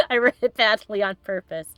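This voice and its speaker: A woman hosting a let's play, reading in-game text aloud in casual, giggly and animated commentary, with free swearing. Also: mid-range voice, normal speed, clean tone, no echo, studio quality.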